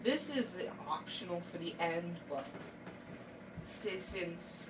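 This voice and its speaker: A woman hosts a casual cooking video from her home kitchen, speaking slowly and haltingly. Her voice sits on the lower side, and she sounds far from the mic. The recording carries a clear layer of background noise. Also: animated. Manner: hesitant, halting, with many restarts. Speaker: cooking show host. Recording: distant mic, noisy kitchen.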